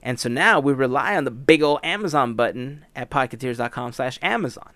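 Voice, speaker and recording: A man's voice: medium pitch, a little fast, sharp tone, no echo. A tired man hosting a podcast, doing casual jokey plugs in a rambling way. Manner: jokey and rambling, tired and trying not to yawn. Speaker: podcast host. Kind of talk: casual chat with sponsor reads.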